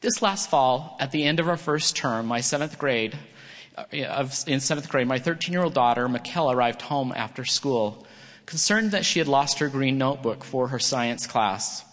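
Middle-aged man with an average pitch, giving an earnest, read sermon; long reverb from a large chapel. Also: animated, normal speed, a bit bright. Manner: earnest, reads from a prepared text with small slips. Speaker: church speaker. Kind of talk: prepared sermon talk.

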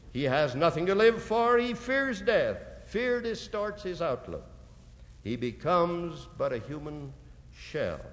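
A man preaching a sermon, slowly and dramatically, reading out scripture quotations. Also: high voice. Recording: long hall reverb.

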